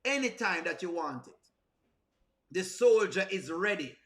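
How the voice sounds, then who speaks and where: Bright-voiced Jamaican man joking around. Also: sits high, lively intonation, a little slow. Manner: playful, teasing, breaks into song. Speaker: reaction video host. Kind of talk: comedic reaction commentary.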